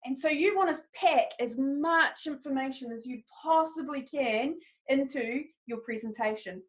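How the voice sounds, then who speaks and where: A woman leads a live training webinar. Her voice sits high and bright in pitch, and she keeps an upbeat, encouraging tone as she speaks directly to her listeners. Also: a little slow. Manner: upbeat, encouraging, talks straight to the audience. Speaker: presentation skills trainer.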